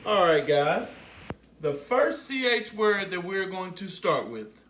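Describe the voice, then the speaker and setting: Casting: high-voiced male teacher, very slow and patient, leads children through repeated words, echoey room. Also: big pitch swings, fairly bright tone, distant mic, slight background noise. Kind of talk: phonics lesson for young children.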